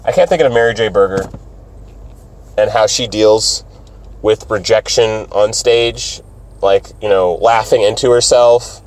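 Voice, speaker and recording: A man's voice: lowish voice, darkish tone. A man telling a rambling, profane story in a casual vlog while driving his car, acting out other people's voices as he goes. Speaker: stand-up comedian vlogger.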